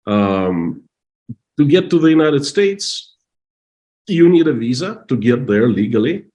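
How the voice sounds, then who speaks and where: A middle-aged man from Russia with a Russian accent, telling a story in halting, emotional English full of restarts. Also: medium pitch, darkish tone. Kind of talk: casual storytelling.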